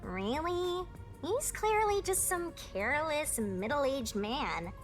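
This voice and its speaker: A shrill teasing female death spirit. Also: sing-song, slow, soft background music, exaggerated voice. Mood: scornful. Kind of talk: dubbed video game dialogue.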